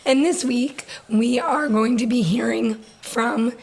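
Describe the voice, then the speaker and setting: A young woman co-hosting a podcast with her sister, telling stories in a lively, laughing way. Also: a little high, creaky, poor audio. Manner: animated storytelling, quick laughs. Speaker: podcast co-host. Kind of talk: casual sister chat.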